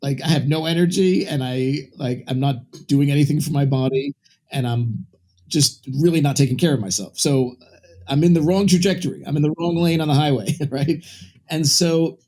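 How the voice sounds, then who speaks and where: A man's voice: a little high, moderate pace, warm tone. A man from Brooklyn, a guest in an interview, telling a personal story in a candid, rambling way with many restarts and asides. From Brooklyn, New York.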